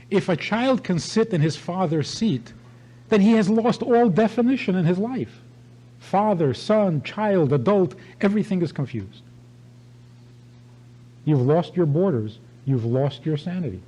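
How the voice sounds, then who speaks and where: Older rabbi with a warm, dark voice. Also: male voice, fairly high pitch, animated, moderate pace, pauses often, breathy edge, rough recording. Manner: emphatic storytelling with repeated phrases. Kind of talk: sermon-style talk.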